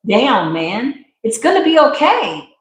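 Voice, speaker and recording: A woman voicing a calm man, a king from a tarot card, who hushes everyone and reassures them. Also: on the high side, slow, voice pushed up. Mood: soothing. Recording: roomy echo.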